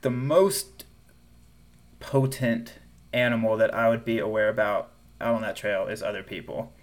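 A man's voice: fairly low pitch, moderate pace. Man, Southern accent, podcast co-host, casual chat, laughs a lot, restarts his sentences. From American South. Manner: animated, laughs often, trails off and restarts.

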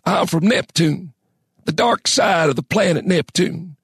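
A man voicing an ancient, wheezing old man from another planet, with a harsh, gravelly voice and a slow, folksy drawl. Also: on the high side, no room sound, studio quality, pitched above the performer's own voice, heavily acted.

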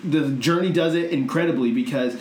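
A man with a slightly raised pitch co-hosting a casual gaming talk. He rambles and fills his sentences with little fillers, and an echoey room and faint hiss sit around him. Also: a little fast, a little mellow. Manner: rambling, with many fillers such as like and uh. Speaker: podcast co-host.

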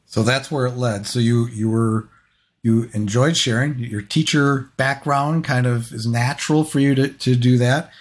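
A man's voice: medium pitch, steady tone, measured pace. A man hosting a podcast, easygoing as he sums up his guest's story. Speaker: podcast host. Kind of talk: casual podcast interview.

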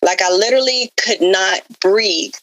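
A woman's voice: mid-range voice, a little slow, a bit bright, no echo, low-quality recording. A woman guest giving a heartfelt personal testimony, earnest and openly spiritual, with frequent fillers and repetition. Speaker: guest sharing her life story.

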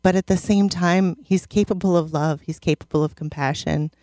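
A woman's voice: lowish voice, fairly even intonation, moderate pace, warm tone, dry recording, studio quality. A woman chatting thoughtfully about a TV show as co-host, laughing easily. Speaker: podcast co-host. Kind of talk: casual chat about a TV show.

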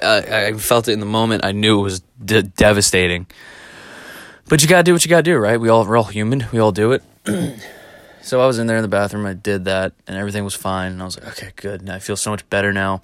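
Casual vlogger, male, low voice, rambling profane storyteller, laughs as he talks, dry close sound. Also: fast talker, a bit bright, clear, resonant tone, no room sound.

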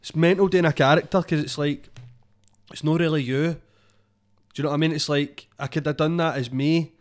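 A man's voice: a little high, steady tone, a little fast. Sweary Scottish man chatting. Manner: sweary, rambling, says "know what I mean" a lot. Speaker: comedian guest. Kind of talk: casual podcast chat.

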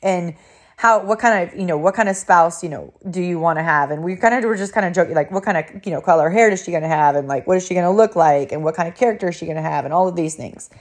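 A woman's voice: on the low side, fast talker. A woman in her thirties, a life coach, telling a family story in a motivational talk with energy and frequent laughter.

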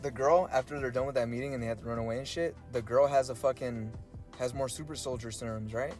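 A man's voice: mid-range voice, fast talker, a little mellow, faint music behind. A young man co-hosting a casual podcast, talking loosely, swearing often and acting out characters' lines. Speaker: podcast co-host. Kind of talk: casual chat.

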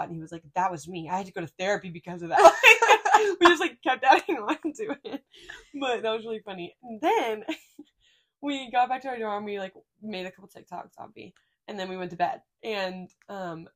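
Rambling young woman podcast co-host. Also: medium pitch. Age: young adult. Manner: rambling storyteller, many fillers and laughs. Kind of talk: casual chat.

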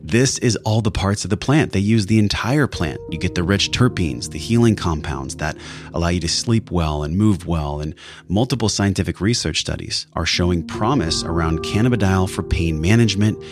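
A man with a raspy, hoarse voice from a sinus infection, hosting a podcast and reading ads with enthusiastic, playful talk straight to his listeners. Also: deep voice, normal speed, soft background music. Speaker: podcast host. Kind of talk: podcast intro and ad reads.

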